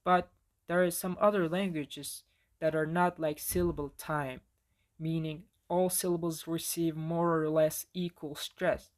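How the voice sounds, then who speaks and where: A man's voice: fairly high pitch, little pitch movement, unhurried. A man with a Turkish accent, a native Turkish speaker, giving a casual recorded lesson with frequent fillers and restarts. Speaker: language teacher. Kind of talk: recorded lecture on pronunciation.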